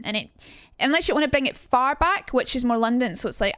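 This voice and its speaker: A woman's voice: fairly high pitch, animated, a little fast, hardly any pauses, a bit bright, clear, resonant tone, dry recording, clean studio sound. A young woman streamer casually teaching, chatty and rambling, reading chat aloud with casual swearing.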